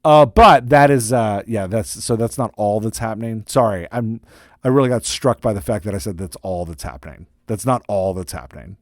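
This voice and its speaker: A man's voice: lowish voice, normal speed, no echo. Rambling middle-aged man, dry close mic. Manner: rambling and self-deprecating, with many fillers and restarts. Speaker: podcast host and writing coach. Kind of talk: casual solo podcast update. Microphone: close studio microphone.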